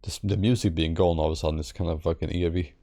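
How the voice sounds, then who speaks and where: Deep raspy streamer guy, sarcastic, swears a lot, quiet game music under him. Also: steady tone, fast. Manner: sarcastic, swearing, hums and mocks the dialogue. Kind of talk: casual let's-play commentary. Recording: game music faint behind.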